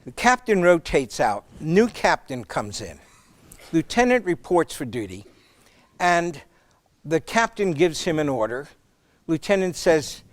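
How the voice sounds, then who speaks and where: A man's voice: fairly high pitch, sing-song, unhurried, no echo. A man speaking as a guest lecturer on leadership, telling stories with some fillers and restarts.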